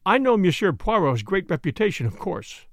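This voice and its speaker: A man's voice: high-pitched, very animated, moderate pace, no echo, studio quality. A man voicing a genial chief constable, a colonel with a hearty, breezy manner in an audiobook. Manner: hearty, breezy, officer's bluster.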